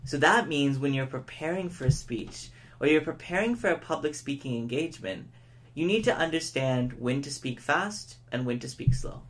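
A man giving a public speaking lesson, who shows each point by speeding up, slowing down and shifting his tone of voice. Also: a little high, expressive. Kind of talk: educational lesson to camera.

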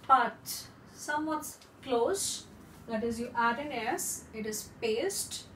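A woman teaching French in a lesson, explaining slowly and repeating words for practice. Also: a little high, expressive, bright, forceful tone, roomy sound, distant mic, slight background noise, low-quality recording.

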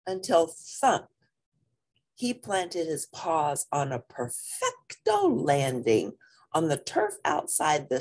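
Gravelly woman reading a storybook aloud. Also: low-pitched, very animated, takes it slowly, a little mellow, slight background noise. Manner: sing-song, swooping voice across the lines. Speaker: children's book reader. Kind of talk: animated storybook read-aloud.

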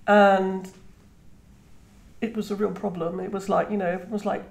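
Her voice sits at medium pitch with a darkish tone and some vocal fry, flat in delivery and normal in speed. She's a woman in her fifties from Trinidad who speaks British English, a guest author in a conversational interview, reflective and full of restarts and "you know." The room echoes noticeably.

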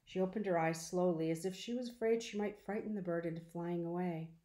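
Woman reading a novel aloud, roomy echo. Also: fairly low pitch. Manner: calm, measured storytelling. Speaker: audiobook reader.

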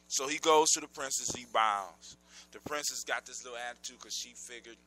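A man's voice: mid-range voice, moderate pace, slight background noise. A man telling a folk story live, talking straight to his listeners. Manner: animated, addresses listeners directly.

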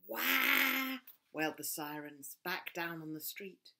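A woman reading her own picture book aloud for children, expressive, dropping to whispers and rising to loud cries. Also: low voice, moderate pace. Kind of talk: storybook read-aloud for children.

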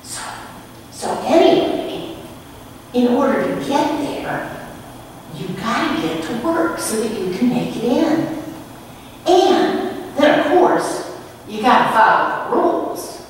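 A woman's voice: high-pitched, expressive, takes it slowly, long pauses, distant mic, pitched above the performer's own voice. A woman voicing a very happy, pretty woman clown in a told story, speaking in a chirpy, sing-song, coaxing way. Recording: echoey hall from afar, faint noise.

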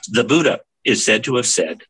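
An older man, a Zen teacher and minister, giving a measured, contemplative spiritual reading with frequent fillers. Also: lowish voice, animated, creaky, fairly bright tone, slightly rough, no room sound, rough recording.

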